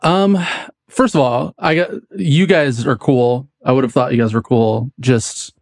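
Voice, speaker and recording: A man's voice: mid-range voice, measured pace, no room sound. Guest: young man from the west coast, easygoing, rambling, mid-range voice, dry close sound. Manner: relaxed, rambling, laughs often. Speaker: podcast guest. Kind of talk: casual chat.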